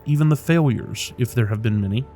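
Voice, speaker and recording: Cultured polite engineer guy, read out by a man, pleasant, measured, unhurried, normal pitch. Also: warm tone, faint music behind, natural voice. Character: cultured, pleasant middle-aged man, calm drone engineer.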